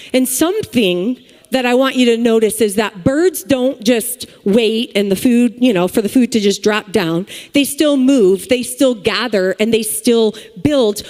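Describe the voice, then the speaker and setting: A woman's voice: on the high side, darkish tone. Woman preaching in a reverberant hall. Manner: chatty, joking asides to the congregation. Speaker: speaker at a church service. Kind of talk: sermon with personal stories. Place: large church hall with live audience.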